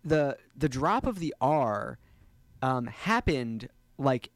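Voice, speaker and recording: A man co-hosts a podcast in casual, hesitant chat, full of fillers and restarts. His voice is medium-pitched with big swings in pitch, and he speaks slowly. There's no echo.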